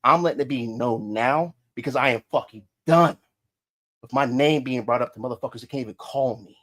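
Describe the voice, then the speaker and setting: A man's voice: mid-range voice, a little fast, fairly bright tone. A man hosting a livestream podcast, ranting in a profane, confrontational way and repeating his points for emphasis. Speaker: podcast host. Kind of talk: heated livestream rant. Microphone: streaming mic.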